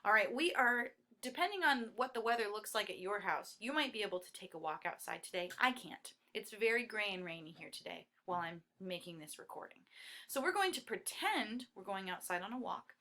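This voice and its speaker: A woman's voice: mid-range voice, animated, brisk, pushed and bright. A woman leading young children through a dance song, talking in a cheerful, encouraging way. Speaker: children's movement teacher. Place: at home. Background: acoustic guitar.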